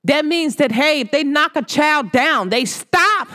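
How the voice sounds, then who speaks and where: A woman podcast host with a high, sharp-toned voice chats casually in slang on her own talk show, animated yet a little slow. She laughs her way through stories and fires questions at listeners.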